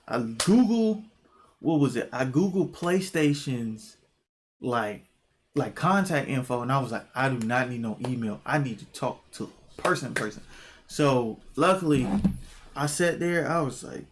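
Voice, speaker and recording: Young male vlogger, casual storytime, animated and profane, mid-range pitch. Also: normal speed. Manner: animated, profane, jumps into quoted exclamations.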